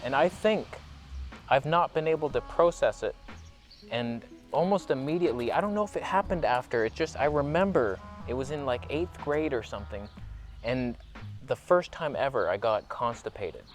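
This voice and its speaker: A man's voice: mid-range voice, animated, moderate pace, soft background music. A young man talking to camera in a rambling, earnest, half-joking confessional monologue, filming his own vlog. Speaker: vlogger.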